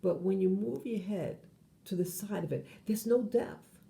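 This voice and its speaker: A woman's voice: medium pitch, unhurried, gravelly, mellow. A woman hosting her channel, talking in a meandering monologue full of fillers and self-corrections. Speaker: channel host. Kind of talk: rambling monologue.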